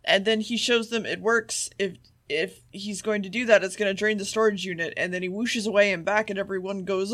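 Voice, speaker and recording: A man's voice: high-pitched, steady tone, normal speed, fairly bright tone. A man co-hosting a podcast, casually recapping an episode, swearing freely and acting out the characters' lines. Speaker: podcast co-host.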